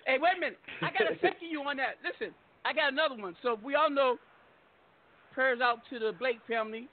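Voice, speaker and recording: High-voiced man hosting talk radio. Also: fairly quick. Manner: animated, blunt, swearing storyteller. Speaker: radio show host. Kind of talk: casual talk radio monologue. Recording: phone-like call-in line.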